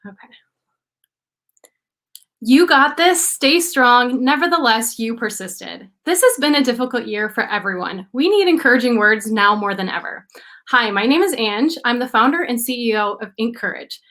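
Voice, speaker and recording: A young woman delivers an upbeat, encouraging business pitch over a video call. Her voice sits a little high, and the talk is rehearsed and polished. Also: expressive, a little fast, a bit bright.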